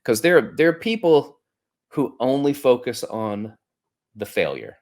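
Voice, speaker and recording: A man hosting a podcast, telling a personal story in an earnest, conversational way that grows animated when he quotes others. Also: mid-range voice, measured pace. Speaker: podcast host. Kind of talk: reflective storytelling monologue.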